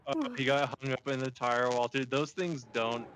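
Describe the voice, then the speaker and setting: A man's voice: mid-range voice, moderate pace, fairly bright tone, slight background noise. A man racing with friends on a voice call, chatting casually with laughing, teasing banter. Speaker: sim racer on a voice call. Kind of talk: casual chat over voice call.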